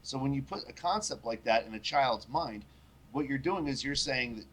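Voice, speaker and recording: A man's voice: medium pitch, expressive, moderate pace, a bit bright. A man hosting a casual podcast, talking bluntly and with profanity, acting out little voices when he tells a story. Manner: blunt, profane, acts out voices in his stories. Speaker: podcast host.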